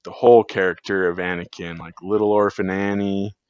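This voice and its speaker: A man's voice: sits low, flat delivery, fairly quick, a little mellow, smooth, dry recording. A man talking as a podcast guest in a rambling, casual way, full of fillers and restarts. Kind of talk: casual chat. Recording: dull lo-fi sound.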